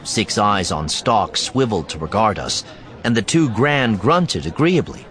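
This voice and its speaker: A man's voice: fairly low pitch, animated, a little slow, a bit bright, a faint crowd. A man narrating a first-person story in a dry, wry manner.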